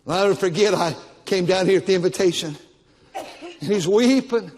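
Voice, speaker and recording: A man's voice: high-pitched, expressive, normal speed, a little mellow, slight background noise. An older man preaching a Baptist sermon as pastor, with emphatic, repetitive exhortation. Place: church auditorium. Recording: long church-hall reverb.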